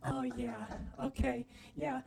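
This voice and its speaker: A man using a voice changer app to play a crude, lewd woman with a pitched-up female voice. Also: flat delivery, takes it slowly, very noisy, exaggerated voice. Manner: crude, breathy moaning role-play. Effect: voice changer making a female voice.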